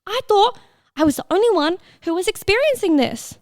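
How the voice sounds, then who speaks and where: A woman hosts a casual solo podcast in a very high-pitched, expressive voice, speaking briskly with studio quality and no room sound. Close-miked for headphone listeners, she chats, laughs, swears freely and sometimes drops into whispers.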